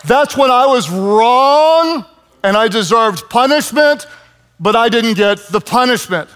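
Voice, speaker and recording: A man in his fifties preaching a sermon, telling stories with lively, self-mocking humor. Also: very high voice, measured pace, slight background noise. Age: 50s. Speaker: pastor.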